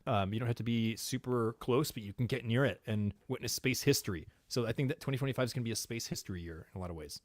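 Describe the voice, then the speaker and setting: A man co-hosting a casual livestream podcast, talking in a relaxed, rambling way full of fillers and eager about rocket launches. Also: mid-range voice, fast talker, few pauses, no echo, studio quality. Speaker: podcast co-host.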